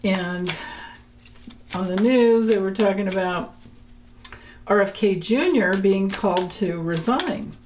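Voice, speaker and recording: A woman talks through a tarot reading at an unhurried pace, rambling and laughing between thoughts. Her pitch sits in an ordinary middle range. A faint hiss runs under the recording. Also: darkish tone. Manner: chatty, laughs often, rambling restarts. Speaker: tarot reader. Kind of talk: casual tarot reading vlog.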